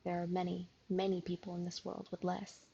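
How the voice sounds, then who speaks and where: A sleepy woman streamer reading a visual novel aloud, with a gravelly, husky voice. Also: lowish voice, completely flat delivery, fairly quick, dark tone, highs cut off. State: sleepy, yawning.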